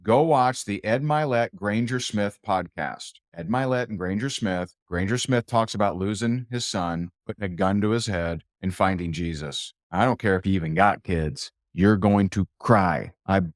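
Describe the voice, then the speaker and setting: Coach guy pumping up a crowd, lowish voice, dry close sound, keeps asking questions and repeating himself. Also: normal speed, hardly any pauses, dry recording. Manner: emphatic, fires rhetorical questions, repeats phrases. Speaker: sales and business coach, show host. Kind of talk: motivational talk to an audience.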